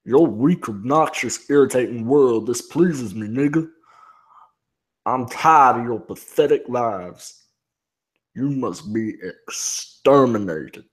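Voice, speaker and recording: A man voicing an evil, contemptuous male monster in loud, sneering declamation. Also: mid-range voice, takes it slowly, slightly rough. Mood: menacing.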